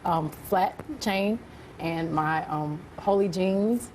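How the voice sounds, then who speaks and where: A woman guest on a television talk show, soft-spoken and giggly, hesitating with small ums as she answers. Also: fairly low pitch, takes it slowly. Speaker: celebrity guest. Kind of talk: casual talk show interview. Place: TV studio with live audience. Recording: noisy studio audience.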